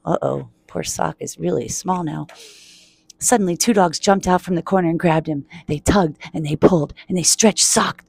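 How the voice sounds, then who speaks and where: A woman reading a children's picture book aloud in a quiet, playful voice, joking and giggling in a public laundromat. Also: fairly low pitch, moderate pace, creaky, husky.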